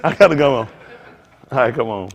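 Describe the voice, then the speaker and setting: A man preaching informally to a congregation, animated and conversational, acting out little dialogues as he goes. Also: medium pitch, a little fast, lo-fi sound. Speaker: pastor.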